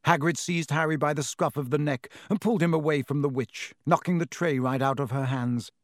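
A man reading an audiobook in a measured, expressive storytelling manner. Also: fairly high pitch, no room sound, clean studio sound. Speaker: narrator. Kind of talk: audiobook narration.

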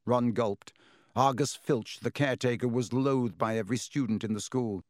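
A man narrating a storybook in an even, measured reading. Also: medium pitch, dry recording, studio quality. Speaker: audiobook narrator.

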